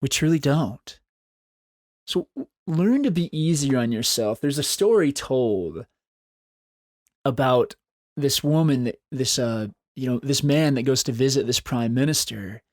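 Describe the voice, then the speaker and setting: A man's voice: mid-range voice, animated, a little slow, no echo. Earnest encouraging man, dry close sound. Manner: earnest, encouraging, repeats phrases for emphasis. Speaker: podcast host. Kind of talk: solo motivational podcast talk.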